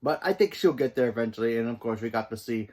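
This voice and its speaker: A man hosts his own show and rambles through a casual review of a TV episode. He has a mid-range voice and fills his talk with "you know." His pitch and volume jump up sharply when he stresses a point. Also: lively intonation, quick pace, a little mellow. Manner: rambling, many fillers and restarts; emphatic jumps in pitch and volume. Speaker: host of a TV review channel.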